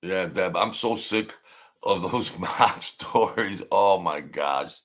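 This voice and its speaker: A man's voice: deep voice, takes it slowly, fairly bright tone. A middle-aged man, chatting bluntly and rambling on a casual livestream, often repeating himself. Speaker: livestream host.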